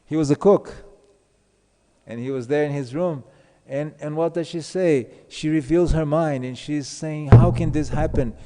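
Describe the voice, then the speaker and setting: A man's voice: on the high side, unhurried, mellow, long reverb tail. A man giving a scripture class as a sermon, telling stories and acting out the dialogue. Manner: storytelling, acts out quoted dialogue.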